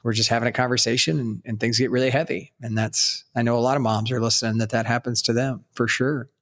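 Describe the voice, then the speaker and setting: A middle-aged man speaks gently and reflectively as a podcast co-host, with a voice of ordinary pitch. He sometimes stops to search for the right words. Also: little pitch movement, fast talker. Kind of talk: faith podcast talk. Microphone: remote recording, separate location.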